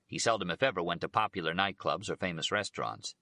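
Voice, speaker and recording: A man narrating a biography audiobook in a steady, unhurried reading voice. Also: low-pitched, gravelly, dry recording.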